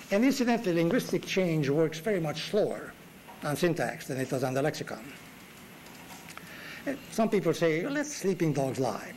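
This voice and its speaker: A man's voice: a little high, a little hiss or hum, rough recording. A man giving a classroom lecture as guest lecturer in a university lecture room, with dry wit and emphatic rises.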